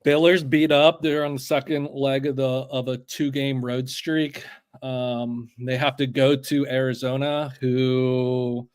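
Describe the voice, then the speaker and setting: A man's voice: mid-range voice, smooth. A man giving his betting picks in casual chat, hesitant and full of um fillers.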